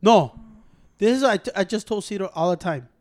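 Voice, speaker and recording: A man with a rather high voice and a Mexican American accent, slipping Spanish into his English. He rants in casual podcast banter, swearing and piling up repeated words. He talks into a microphone at close range. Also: expressive, fairly quick, a little mellow, no echo. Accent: Mexican American English, mixing in Spanish. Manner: profane, ranting, repeats words in bursts. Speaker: podcast co-host.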